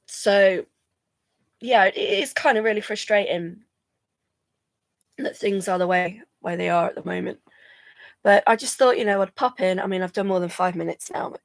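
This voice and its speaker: A woman's voice: mid-range voice, fairly even intonation, normal speed, gravelly, dry recording. A drowsy woman chatting casually on a live stream, rambling and yawning between thoughts. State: drowsy from medication. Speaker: vlogger going live.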